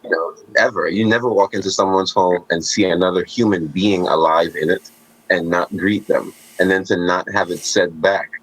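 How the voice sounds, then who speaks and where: A man's voice: low-pitched, fairly even intonation, normal speed, fairly bright tone, dry recording, rough recording. A man in casual conversation, talking emphatically and thoughtfully about everyday manners.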